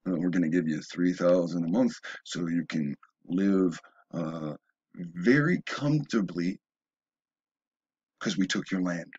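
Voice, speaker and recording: A video blogger with a deep, darkish, slightly rough voice speaks a little slowly through a rambling monologue of opinions. He stumbles and restarts often, occasionally rising into emphatic bursts, and the recording is muffled.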